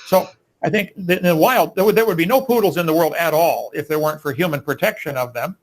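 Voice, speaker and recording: A man's voice: on the high side, quick pace, poor audio. A man answering in a live debate, preachy and emphatic, now and then restarting his sentences. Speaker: creationist debater.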